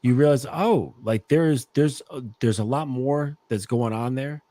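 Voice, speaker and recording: A man's voice: medium pitch, a little slow, mellow, no echo. A man hosting a casual dating talk, explaining his ideas with long everyday examples. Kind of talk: casual discussion.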